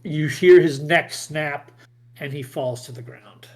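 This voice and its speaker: A man's voice: fairly high pitch, takes it slowly. A man narrating as game master in a casual tabletop game session, describing gory combat lightly and laughing often.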